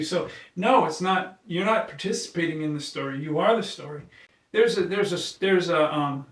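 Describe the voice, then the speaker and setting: Man w a highish voice telling heartfelt stories, lots of restarts, echoey room far from mic. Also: fairly bright tone. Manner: earnest, storytelling, emotional; halting restarts. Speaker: occupational therapist and company founder. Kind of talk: casual conversation.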